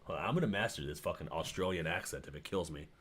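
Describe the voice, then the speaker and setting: A man's voice: rumbling low, quick pace, fairly bright tone, a little hiss or hum. A man livestreaming and chatting casually with his viewers, rambling, stammering and repeating words, laughing often and getting sidetracked.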